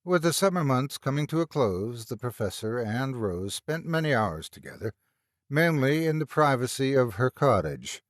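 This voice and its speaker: A male narrator reading a horror audiobook with lively, animated pitch. His delivery is expressive and the recording is dry and close-miked. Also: normal speed, no echo.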